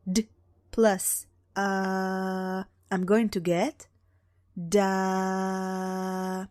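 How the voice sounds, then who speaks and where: Slow, patient woman teaching a language. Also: medium pitch, darkish tone, dry recording, clean studio sound. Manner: patient, drawn-out demonstrations of sounds. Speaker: Hebrew teacher. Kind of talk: explanatory beginner lesson.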